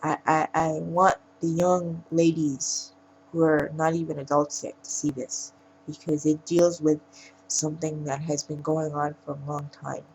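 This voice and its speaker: Brief: woman film reviewer, low voice with vocal fry, casual rambling recap. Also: little pitch movement, measured pace, darkish tone, muffled recording, slight background noise. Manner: rambling retelling with frequent restarts. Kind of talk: casual spoken plot recap.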